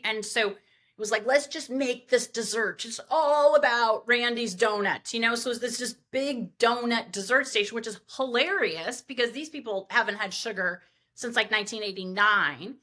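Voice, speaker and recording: Bright, lively woman event planner. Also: mid-range voice, normal speed. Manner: animated, rambling anecdotes with many fillers. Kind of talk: podcast interview storytelling.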